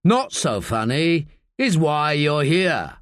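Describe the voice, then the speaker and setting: A man's voice: on the high side, very animated, takes it slowly, a bit bright, dry recording, studio quality, heavily acted. A man voicing a tough, threatening family man with a thick London accent, in an audiobook reading. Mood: gruff. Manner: blunt, brash, threatening.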